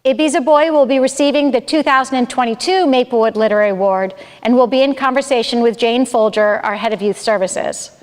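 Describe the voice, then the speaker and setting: High-voiced woman in a reverberant hall. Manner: reads prepared remarks, measured. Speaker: library director. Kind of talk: formal welcome and announcements. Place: town hall event space. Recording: roomy hall with long reverb.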